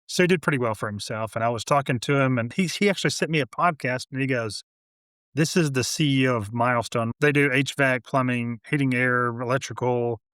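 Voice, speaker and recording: A man who builds homes, a guest in a casual interview, telling animated stories full of quoted dialogue. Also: mid-range voice, fairly quick, clear, resonant tone, no room sound, studio quality. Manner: animated storyteller, quoting others.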